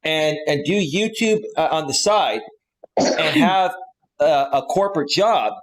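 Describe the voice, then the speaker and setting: A man in his forties from California, hosting a live stream panel in a rambling, animated way. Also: a little high, unhurried, low-quality recording. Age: 40s. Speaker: host.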